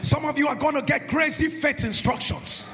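Over music, a man with a very high-pitched voice preaches a charismatic sermon at normal speed. He shouts in a sing-song cadence, leads the congregation in repeated calls, speaks in tongues and drops frequent "uh"s between phrases.

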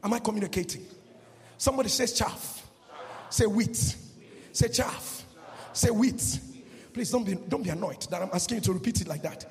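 A man preaching a charismatic sermon on a handheld microphone in a church hall, in a sing-song cadence that swings into shouting, and leading the congregation in call-and-response. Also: sits high, normal speed, long pauses. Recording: long hall reverb with music behind.

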